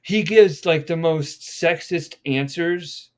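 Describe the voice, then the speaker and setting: A man's voice: fairly high pitch, slow. A man co-hosting a podcast, rambling and swearing as he retells pranks. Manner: rambling, profane, acts out quotes. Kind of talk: casual chat.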